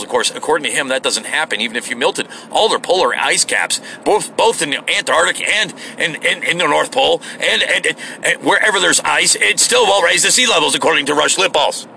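A man's voice: fairly high pitch, vocal fry, sharp tone, slight background noise. A man delivering a heated, sarcastic monologue full of swearing. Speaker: online commentator. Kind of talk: profane ranting monologue.

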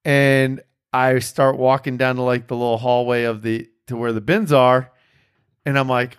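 A man's voice: mid-range voice, fairly even intonation, unhurried, clear, resonant tone. A man hosting a podcast in casual chat, telling a rambling, profane story with self-mocking laughs. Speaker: podcast host.

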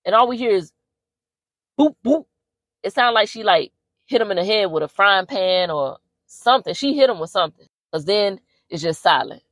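A woman podcast host recapping a horror movie in a casual, slangy and profane way, telling it like an animated story. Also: medium pitch, a little fast, no echo.

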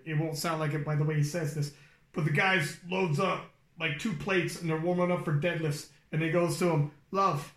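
A man hosting a podcast, telling stories in a casual, animated way and swearing freely. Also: high-pitched, roomy sound. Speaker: podcast host.

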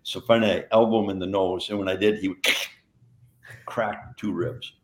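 Speaking at a normal pace with low, fairly even intonation, a retired wrestler in his later years rambles through stories on the podcast he co-hosts, often restarting and laughing. The room is echoey.

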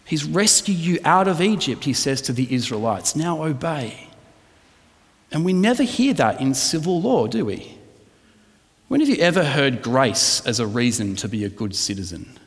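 A man's voice: mid-range voice, very animated, moderate pace, big-room sound. A man preaching a conversational sermon, often checking in with his listeners. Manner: conversational, asks the congregation "right?" often. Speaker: pastor.

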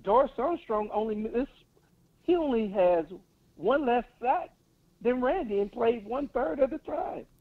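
A high-voiced man speaks bluntly and with confidence, laying out his opinions in casual call-in chat. The sound is thin and tinny, as if coming down a phone line. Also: lively intonation, unhurried. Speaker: caller.

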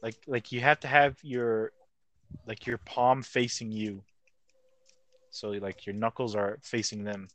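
A man's voice: lowish voice, flat delivery, measured pace, pauses often, fairly bright tone, no echo. Rambling young man, dry sound. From United States. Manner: rambling, full of "like" fillers. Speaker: podcast co-host. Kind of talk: casual chat.

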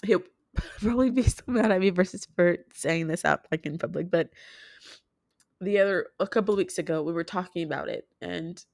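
A young woman speaks straight to her viewers in a heartfelt personal vlog, her voice sitting a little low. She talks haltingly, often stopping and starting over. The sound is close and dry, with no room around it. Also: gravelly, a little mellow, no room sound. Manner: heartfelt, halting, many restarts. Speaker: vlogger.

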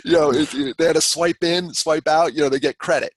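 A man telling a personal story in casual conversation, animated, acting out what others said, with frequent laughs. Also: on the high side, fairly quick, background noise. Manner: animated storyteller who acts out quoted lines and laughs often. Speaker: guest speaker on suicide prevention. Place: on the East Coast of the United States.

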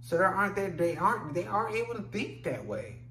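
A man's voice: high-pitched, big pitch swings, brisk, pushed and bright. Man, solo podcast rant, profane and rambling, roomy echo, faint hum. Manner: rambling, profane, repeats "you know what I'm saying". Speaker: podcast host. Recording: echoey room with faint hum.

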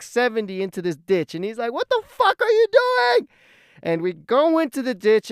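A man's voice: on the high side, clean tone, no echo, clean studio sound. A young man vlogging, telling a casual story in a rambling, profane way.

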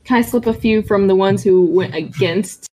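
A woman's voice: medium pitch, moderate pace, mellow. A woman playing a tabletop game, talking hesitantly and saying "like" a lot. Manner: hesitant, full of "like". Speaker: player. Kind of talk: casual tabletop game chat.

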